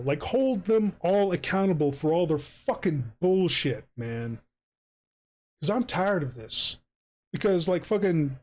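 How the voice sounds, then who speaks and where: A man's voice: high voice, darkish tone. Angry swearing streamer man. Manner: heated, swearing, sarcastic mock-campaign speech. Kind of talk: angry profane rant while drawing on stream.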